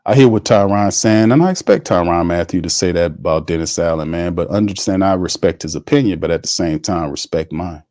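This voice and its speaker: Heated low-voiced sports podcast man. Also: brisk, hardly any pauses, a little mellow, dry recording, clean studio sound. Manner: heated, colloquial, talks to the chat. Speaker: podcast host. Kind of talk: sports talk commentary.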